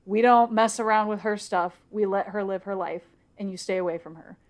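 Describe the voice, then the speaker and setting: A woman co-hosting a casual podcast, retelling a book's plot and slipping into quick quoted voices. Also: medium pitch. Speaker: podcast co-host. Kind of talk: casual book recap chat.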